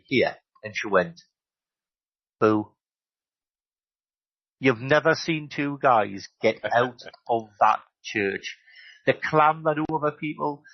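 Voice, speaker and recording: Husky English man telling stories. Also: medium pitch, dry recording, highs cut off. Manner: lively anecdotal storyteller, many "you know"s. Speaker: medium. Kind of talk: storytelling at a live talk.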